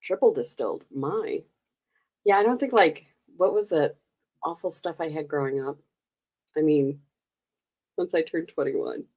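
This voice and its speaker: A woman's voice: low voice, a little slow, pauses often, a little mellow. An American woman hosting a live stream, chatting casually with viewers, giggling and teasing them. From United States. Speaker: livestream host.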